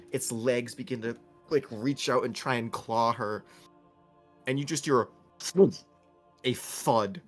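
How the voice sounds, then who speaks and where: A man narrating a tabletop game as game master, telling the scene vividly with laughs and swearing. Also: medium pitch.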